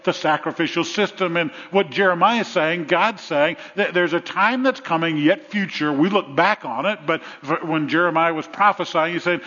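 A man's voice: a little high, moderate pace, hardly any pauses, bright, forceful tone. A man preaching a sermon as pastor, earnest and fond of repeating phrases in threes. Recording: long reverb, dull lo-fi sound.

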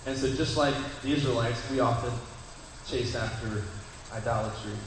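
A man's voice: mid-range voice, normal speed, background noise. A young man giving a sermon, speaking conversationally to the congregation and asking them questions. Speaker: pastor. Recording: echoey hall from far off.

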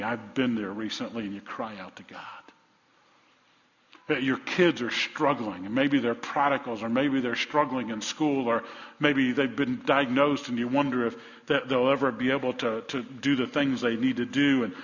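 A man's voice: medium pitch, fairly bright tone. Guy pastor giving a sermon, earnest, keeps asking the crowd questions, muffled lo-fi sound. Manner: earnest, repeats words and asks the congregation rhetorical questions. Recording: echoey hall, dull lo-fi sound.

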